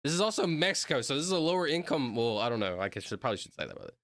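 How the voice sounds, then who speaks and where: Talking very fast with a lively pitch, an excitable Southern US streamer rambles through casual reaction commentary on videos, now and then erupting in sudden shouts. The sound is clean, studio-grade, and free of echo.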